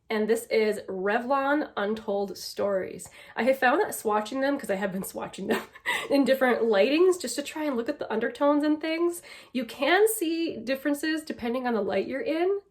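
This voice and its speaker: A woman beauty vlogger chatting casually to the camera, enthusiastic and quick to laugh as she talks through her products. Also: fairly high pitch, lively intonation. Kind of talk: casual makeup chat to camera.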